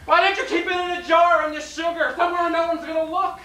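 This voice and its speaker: A woman acting the part of an exasperated, incredulous husband who yells and blusters after a burglary, in a class scene. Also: very high voice, steady tone, quick pace. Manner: blustering, incredulous, yelling outbursts. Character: exasperated middle-aged husband, loud and blustering. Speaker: acting student. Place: classroom stage. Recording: roomy and distant, faint noise.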